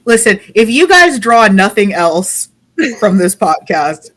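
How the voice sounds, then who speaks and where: A woman co-hosting a podcast in casual chat, with a wry, deadpan teasing manner. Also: medium pitch, unhurried. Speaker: podcast co-host.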